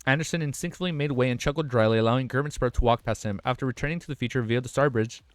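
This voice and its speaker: A young man streaming a web novel reaction, reading passages aloud and reacting with excited, slangy, swear-filled talk that stammers when he gets worked up. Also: medium pitch, very fast, dry recording, soft background music.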